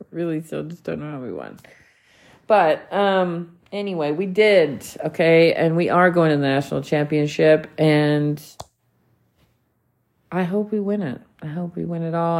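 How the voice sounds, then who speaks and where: A woman, hosting a solo podcast rant, blunt, heated and full of swearing. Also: fairly low pitch. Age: 40s. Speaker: podcast host.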